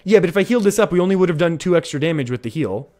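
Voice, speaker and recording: Man streamer, fairly high voice, chatty and excitable, faint music behind. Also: racing. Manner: chatty, reads chat aloud, excitable. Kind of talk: casual game commentary.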